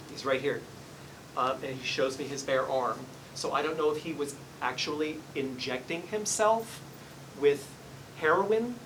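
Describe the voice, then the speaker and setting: A man's voice: a little high, slow, a bit bright, distant mic, a little hiss or hum, poor audio. A man working as a psychic medium, giving a live reading in a salon and politely apologizing as he relays messages. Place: hair salon, indoors.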